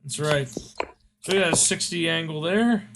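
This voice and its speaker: A man's voice: a little high, measured pace, vocal fry, very noisy. A man hosting a casual game recap, rambling with fillers as he scores each segment. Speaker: host.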